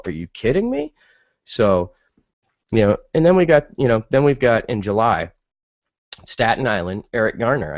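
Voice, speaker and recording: Exasperated man with a low voice. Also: no room sound, dull audio. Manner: exasperated, incredulous rhetorical questions; casual, many fillers. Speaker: podcast host. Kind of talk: opinion monologue.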